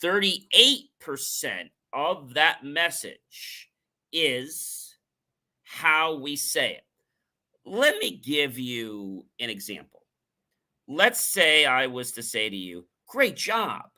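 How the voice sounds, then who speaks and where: A man, middle-aged, hosts a motivational talk show in a sharp, ringing voice. He talks with energy and repeats key phrases for emphasis. He sometimes slips into acted examples of different tones of voice. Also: medium pitch, big pitch swings, takes it slowly. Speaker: show host.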